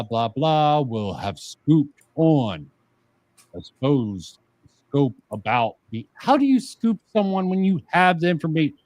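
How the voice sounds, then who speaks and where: Mid-pitched man, streamer reading and scoffing at comments, sarcastic, dry dead sound with no room, casual commentary. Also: a little mellow, no room sound. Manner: sarcastic, reads comments aloud and rebuts them. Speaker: streamer host.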